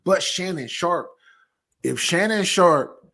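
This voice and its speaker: A man's voice: high-pitched, expressive, slow pace, vocal fry, sharp tone. A man co-hosting a sports podcast, talking animatedly in casual debate and often repeating words as he thinks. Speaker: podcast co-host.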